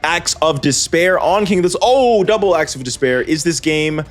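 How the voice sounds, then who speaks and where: A man's voice: a little high, animated, moderate pace. Guy calling card game duels, rambles, cuts himself off, wry little jokes, faint music under him. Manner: rambling, self-correcting, wry asides. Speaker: host and commentator. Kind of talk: gameplay commentary.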